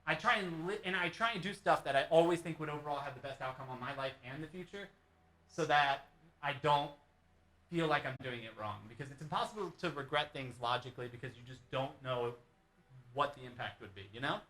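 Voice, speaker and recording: A man's voice: a little high, brisk, bright, forceful tone. A man talking thoughtfully about life in an earnest, reflective monologue. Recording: roomy echo.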